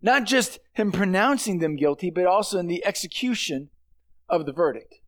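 A high-pitched male pastor delivers a sermon. He keeps it conversational and earnest, and he lands hard on the words he wants to stress. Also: expressive, normal speed, fairly bright tone.

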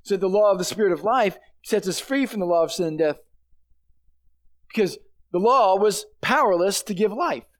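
A man's voice: high-pitched, lively intonation, moderate pace. A man, a pastor, giving a sermon in an earnest, conversational way with emphatic stresses.

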